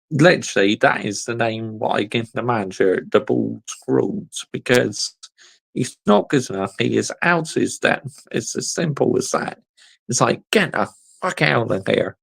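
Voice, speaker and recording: A man's voice: mid-range voice, creaky, husky, low-quality recording. A young man hosting a casual livestream, reading the live chat and ranting bluntly in an exasperated way. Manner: exasperated, blunt, repeats "honestly" and "mate".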